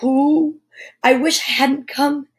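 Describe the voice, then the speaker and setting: A woman voicing a fretful little male storybook creature who is easily cross and cries out in a high, anxious voice. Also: fairly even intonation, slow.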